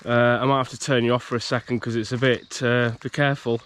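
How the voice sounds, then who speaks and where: Chatting as he walks by a loch on a rural campsite, a man vlogs at a quick pace with a flat delivery and medium, fairly bright voice. He has a bit of a cold and rambles casually, with laughs and restarts along the way.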